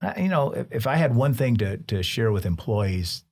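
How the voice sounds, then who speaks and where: A man hosting a podcast, giving reflective, measured advice in conversation. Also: mid-range voice, very animated, vocal fry, darkish tone. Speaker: podcast host.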